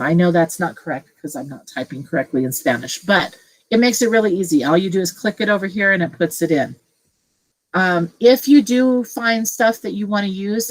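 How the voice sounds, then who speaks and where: A middle-aged woman teacher casually walking colleagues through a software tutorial, thinking aloud as she clicks. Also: lowish voice, poor audio. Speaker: teacher leading a tech training session. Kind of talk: screen-share tutorial for colleagues.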